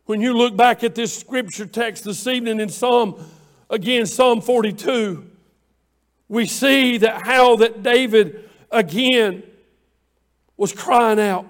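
A high-voiced man preaches slowly and deliberately, letting each line land. He builds his points by repeating phrases in cadence. His delivery swings from hushed pleading to full shouts inside a church room. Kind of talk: sermon. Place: church room with online viewers.

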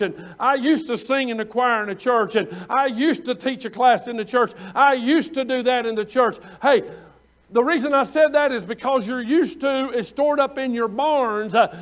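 A man preaching a sermon in a folksy, conversational way, breaking into loud emphatic bursts. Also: extremely high pitch.

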